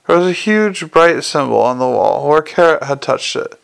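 A man narrating a fantasy audiobook, his voice sitting slightly high with a gravelly rasp. He reads at a steady, even storytelling pace. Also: normal speed. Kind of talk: scripted narration.

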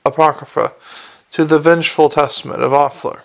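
A prim, pious young constable, as a male reader puts him on, earnest and faintly reproachful. His voice sits a little high, with a gravelly creak running through it. He sounds like a storybook character who preaches politely. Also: fairly even intonation, a little fast. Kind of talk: audiobook character reading.

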